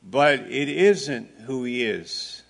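A man preaching a sermon, slow and deliberate, asking his listeners rhetorical questions and speaking plainly with asides to them. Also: medium pitch, expressive, vocal fry, a bit bright. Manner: plain-spoken, with asides and audience back-and-forth. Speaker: pastor.

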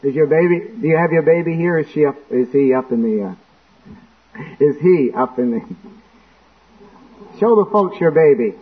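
Male preacher, sermon, high voice, church, acted-out quotes, tinny lo-fi recording. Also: moderate pace, long pauses.

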